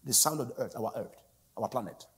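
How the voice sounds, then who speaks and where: A man preaching a sermon as a guest speaker, swinging from loud, pleading outbursts down to hushed whispers. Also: mid-range voice, expressive, a little fast, husky.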